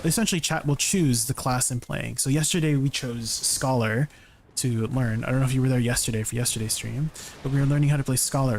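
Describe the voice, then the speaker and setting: A man with a medium-pitched voice streams a game, chatting casually and answering questions from chat, and he often ends his sentences with "right?". There is a little hiss or hum in the recording.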